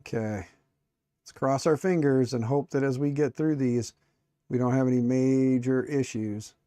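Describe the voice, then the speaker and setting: Man, middle-aged, casual stream chatter, mellow tone, muttering while working, dry recording. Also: mid-range voice, fairly even intonation, unhurried, smooth, no room sound. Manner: joking, self-mocking, rambling; muttering to himself while tinkering. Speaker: streamer building a 3D printer.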